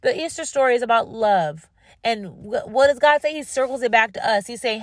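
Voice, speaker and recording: A woman's voice: on the high side, animated, fairly quick, no room sound, clean studio sound. A woman hosting a faith podcast, speaking earnestly and repeating phrases for emphasis as she talks and then prays aloud. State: tired and dry-mouthed. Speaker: podcast host. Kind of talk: devotional talk and prayer.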